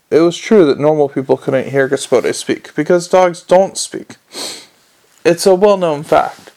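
A man's voice: a little high, gravelly. A man reading a comic fantasy novel aloud as an audiobook narrator, telling it in a dry manner.

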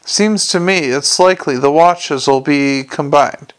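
A man's voice: a little high, unhurried, smooth, lightly acted. A man doing a pompous blustering guard captain. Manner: pompous, bullying, repetitive.

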